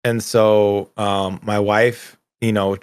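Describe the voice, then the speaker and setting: A man's voice: fairly low pitch, little pitch movement, slow pace, clean tone, dry recording, studio quality. A man hosting a gaming podcast in casual chat, telling long rambling stories with frequent self-corrections. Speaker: podcast host.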